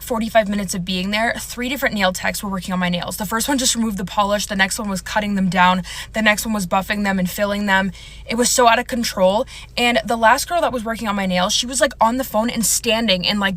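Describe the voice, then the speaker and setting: Brief: woman, mid-pitch, choked up and near tears, rambling casual storytime full of fillers. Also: fairly bright tone. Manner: rambling, filler-heavy, emotional.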